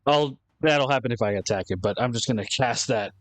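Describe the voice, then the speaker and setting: A man's voice: medium pitch, a little fast, dry recording. A man taking his turn as a player in a tabletop game, hesitantly describing his character's actions in first person.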